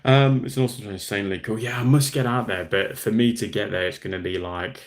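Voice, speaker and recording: A man's voice: on the low side, fast talker. A young Australian man from Western Australia hosting a casual livestream, chatting easily and reading out and answering viewer comments. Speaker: livestream host.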